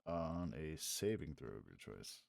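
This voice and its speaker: A man's voice: very deep voice, very animated, measured pace, vocal fry, no room sound, studio quality. A man acting as game master, narrating a tabletop game in a loose, rambling way with frequent chuckles.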